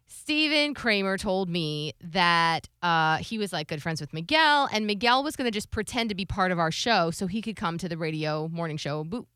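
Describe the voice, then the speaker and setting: A woman in her thirties, a radio morning show co-host, telling a story in casual podcast chat, animated and laughing often. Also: lowish voice, normal speed, hardly any pauses, clean tone, no echo, clean studio sound.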